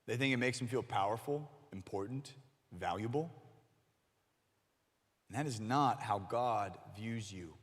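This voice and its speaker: Animated male youth pastor in a reverberant hall. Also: lowish voice, measured pace, long pauses. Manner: animated, acts out quoted voices. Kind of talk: sermon to middle schoolers.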